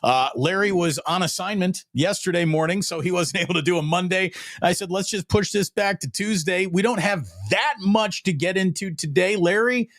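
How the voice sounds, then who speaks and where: A man co-hosting a casual sports talk show, wry, with low drawled punchlines. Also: moderate pace, hardly any pauses, fairly bright tone, no room sound, clean studio sound. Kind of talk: casual sports podcast chat.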